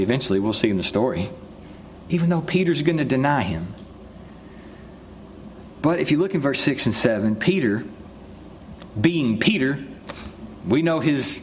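Animated male preacher. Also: fairly high pitch, slight background noise. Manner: conversational, rhetorical questions. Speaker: pastor. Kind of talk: expository sermon.

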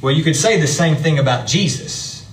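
A man's voice: on the high side, animated, normal speed, slight background noise. A man teaching a church Bible class, explaining things step by step in a chatty way with his students.

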